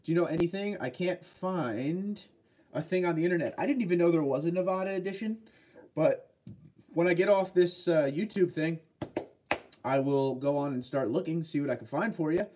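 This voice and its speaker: A man's voice: on the high side, moderate pace, darkish tone. A man with a Boston accent and a head cold, hosting a casual livestream and answering viewer questions about trucks in a laid-back way. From New England. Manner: laid-back, reads chat comments aloud and answers.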